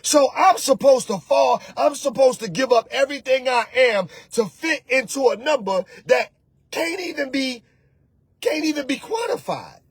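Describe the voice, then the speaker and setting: A man hosting a casual motivational talk as a spiritual coach, animated and preachy, slangy and often shouting. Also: very high voice, normal speed, husky, no room sound.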